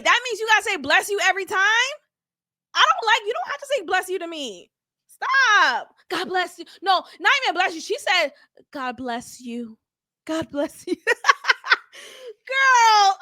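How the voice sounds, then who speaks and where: A woman's voice: high-pitched, bright, forceful tone, no echo, clean studio sound. A young woman giving a sassy, blunt casual recap of a reality show as a channel host, with laughing asides. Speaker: reality TV reviewer.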